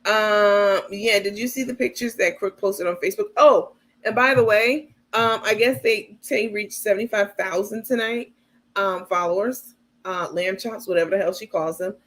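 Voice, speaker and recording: Her voice is mid-range and a bit bright, moving at a moderate pace, as she hosts a livestream with outspoken, casual commentary and some profanity. She speaks aside to her viewers, calling them "you guys" and "baby."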